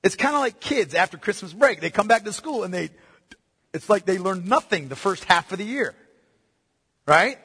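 A man preaching a sermon with a high, lively, bright voice that swoops from hushed lows to ringing peaks. His tone is a little husky, and the sound carries a long reverb from the sanctuary he speaks in. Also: moderate pace. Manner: animated preaching, addresses listeners as beloved, drops to hushed tones. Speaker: pastor.

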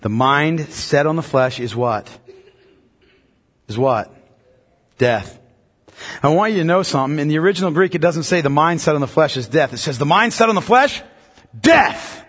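Husky guy preaching, kinda high voice, lots of long echo like a big church hall. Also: moderate pace, long pauses. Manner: emphatic preaching, rising to loud peaks. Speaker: pastor. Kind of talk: sermon.

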